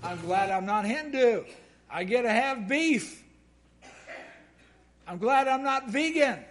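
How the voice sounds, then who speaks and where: Guy preaching a sermon, pretty high voice, punchy, reads scripture refs and cracks little jokes. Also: lively intonation, takes it slowly. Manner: emphatic, quoting scripture, wry jokes.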